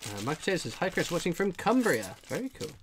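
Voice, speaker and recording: A man hosting a casual livestream, reading viewer comments aloud with dry, understated humour and frequent pauses of "uh" as he scans the chat. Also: on the high side, big pitch swings, a bit bright, slight background noise. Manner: frequent filler "uh" while scanning chat. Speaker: livestream host.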